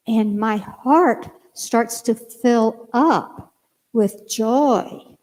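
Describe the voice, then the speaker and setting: An older woman minister preaching a sermon in storytelling form, animated and acting out both sides of conversations in a church sanctuary. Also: on the high side. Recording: long reverb of a church hall.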